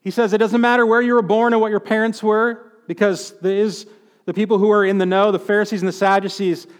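Male preacher, high voice, chatty sermon with wry asides; long hall reverb. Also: flat delivery, fast talker, clean tone. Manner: conversational, with joking asides.

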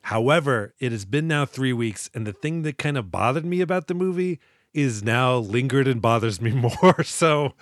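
A man chatting on a comedy podcast, cracking self-mocking jokes and swearing casually. His voice sits at an ordinary pitch. The sound is dry and close to the mic. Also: expressive, normal speed, no echo. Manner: jokey, self-deprecating, swears freely. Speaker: podcast co-host.

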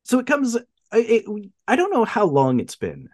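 A man co-hosting a casual podcast, retelling a film with lively swings in pitch. He slips into quick impressions of the characters as he goes. The sound is dry and close, with no room around it. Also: no echo. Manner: animated retelling, acts out characters' lines. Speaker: podcast co-host.

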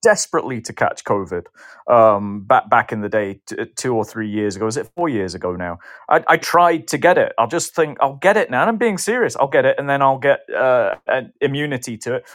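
A man, a guest on a casual panel discussion, talking in an animated, sardonic way. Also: medium pitch, a little fast. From Britain.

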